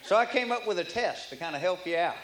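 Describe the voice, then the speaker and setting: A man's voice: high-pitched, expressive, fast, a bit bright. A man performing a folksy stand-up routine on a comedy club stage, with audience laughter behind him. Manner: folksy, drawling storyteller. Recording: live club recording, roomy, audience noise.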